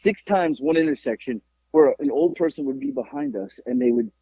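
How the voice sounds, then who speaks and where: A man from Florida, a podcast host, telling a profane story in a lively, repetitive way. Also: on the high side, fairly quick, husky, no echo, highs cut off. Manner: animated, profane, repeats himself. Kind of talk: casual storytelling chat.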